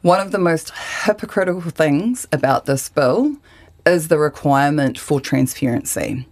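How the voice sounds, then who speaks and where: A woman's voice: sits low, expressive, moderate pace, darkish tone. A woman, answering interview questions with passion and indignation. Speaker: activist guest.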